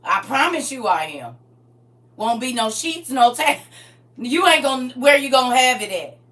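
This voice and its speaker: Boisterous middle aged lady on her livestream, laughs a lot, bright sharp voice, kinda distant from the mic. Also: on the high side. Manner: playful and boisterous, laughs often. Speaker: livestream host. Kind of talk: casual livestream chat. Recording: voice from away from the mic.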